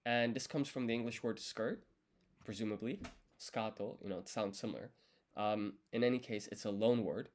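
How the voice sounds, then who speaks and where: On the low side and a little mellow, the voice belongs to a young man streaming his language study. He patiently explains each step and counts strokes out loud as he writes, in a casual think-aloud session.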